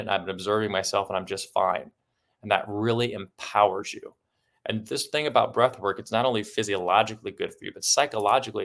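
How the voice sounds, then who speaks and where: A man's voice: fairly low pitch, creaky, fairly bright tone. A man guiding a breathwork session, giving encouraging instructions and rhythmic breath cues. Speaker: breathwork coach.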